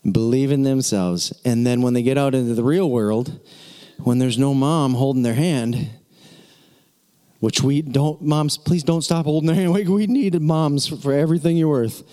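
A middle-aged man preaching with a lively story, acting out voices and shouting encouragement. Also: mid-range voice, normal speed. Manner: animated, acts out the people in his story, shouts encouragement. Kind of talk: storytelling sermon.

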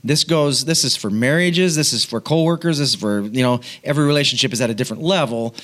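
Speaking fast at a normal middle pitch, a middle-aged preacher shares a personal story from his home. He pokes fun at himself with animation, laughing and starting his sentences over.

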